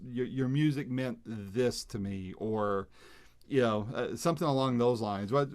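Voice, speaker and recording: A man's voice: medium pitch, darkish tone. Man hosting a casual interview. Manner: friendly, laughs along with guest. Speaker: interviewer host.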